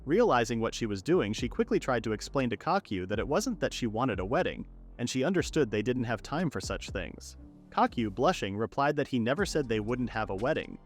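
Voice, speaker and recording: A man narrating a manga recap in a steady storytelling read. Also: medium pitch, brisk, faint music behind. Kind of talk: scripted narration.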